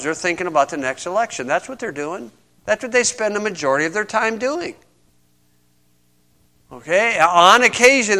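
A man's voice: high-pitched, sharp tone. A man preaching a sermon to a congregation in a conversational way, asking his listeners questions as he reads verses. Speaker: pastor.

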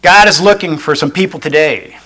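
A man's voice: on the high side, fairly quick, sharp tone, poor audio. A male pastor preaching a sermon in an earnest way. He restates each point and adds folksy asides.

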